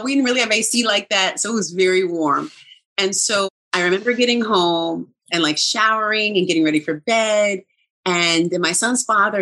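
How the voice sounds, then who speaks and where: Middle-aged woman with a low voice, chatty storytelling, acts out the quotes. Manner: animated storyteller, acts out quotes, laughs often. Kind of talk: storytelling in casual conversation.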